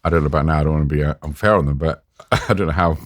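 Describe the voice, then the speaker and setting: A man's voice: very deep voice, very fast, no room sound. A middle-aged British man telling war stories in an interview, self-mocking and acting out the voices he quotes. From Britain. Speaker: war journalist guest. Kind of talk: animated storytelling in an interview. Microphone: podcast mic.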